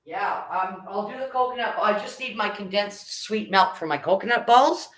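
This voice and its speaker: A woman's voice: medium pitch, expressive, moderate pace, hardly any pauses, fairly bright tone, poor audio. A middle-aged woman talks casually through a live baking stream. She chats along as she works, greets viewers by name and reads out their comments.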